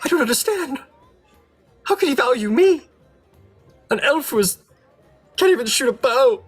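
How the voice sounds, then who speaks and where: A tearful, self-doubting young elf archer, as the game master puts him on. He stammers and stumbles over his words, and his voice climbs high and cracks all over the place. Soft music plays faintly behind him. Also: animated, breathy edge. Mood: dejected. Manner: halting, stammering, voice cracking upward.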